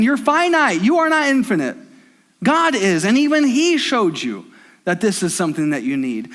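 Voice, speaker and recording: A man's voice: extremely high pitch, fairly bright tone. A man in his thirties preaching a sermon as pastor, emphatic and repetitive, building intensity.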